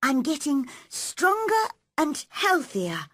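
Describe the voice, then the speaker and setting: A woman voicing a lonely, eager young girl who speaks in a rushed, pleading way. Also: high-pitched, huge pitch swings, fairly bright tone, dry recording, voice pushed up, full character voice. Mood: nervous.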